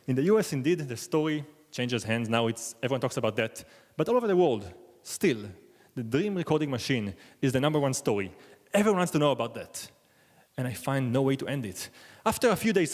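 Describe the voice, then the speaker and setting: A man telling a wry, self-deprecating story live on a theater stage, acting out the people he quotes. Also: medium pitch. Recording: long hall reverb.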